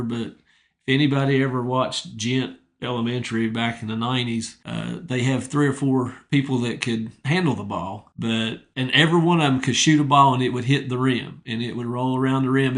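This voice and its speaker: A middle-aged man, a retired wrestling coach, telling humble, straightforward stories in a casual interview. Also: mid-range voice. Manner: humble, straightforward, rambling anecdotes.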